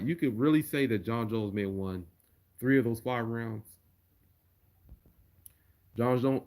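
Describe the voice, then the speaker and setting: A man's voice: lowish voice, darkish tone. A man chatting casually on a livestream and reading viewer comments aloud. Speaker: streamer.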